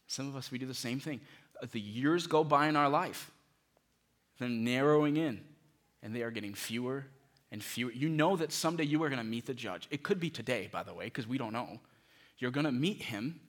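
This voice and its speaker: A man preaching a sermon as pastor, pleading with his listeners and dropping from loud bursts to hushed tones. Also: medium pitch.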